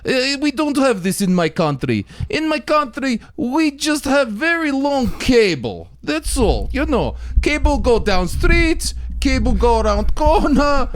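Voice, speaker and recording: A man putting on a naive foreign visitor who speaks halting broken English, his voice pushed up high above his normal voice. The tone bounces and swoops. It is recorded close up in a dry room. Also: sing-song, a bit bright, no room sound, exaggerated voice. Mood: mock innocent.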